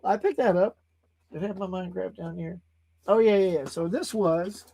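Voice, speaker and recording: A man hosts a casual livestream and reads out viewer comments as they come in. His talk is animated, with big swings in pitch and frequent laughs. The sound is dry and close to the mic. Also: dry recording. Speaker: host. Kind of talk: casual live-stream chat.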